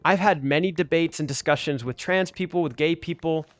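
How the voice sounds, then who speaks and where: A gaming video creator comments over gameplay in a slightly high, brisk voice with no echo. He speaks casually but earnestly and argumentatively, filling his speech with "like."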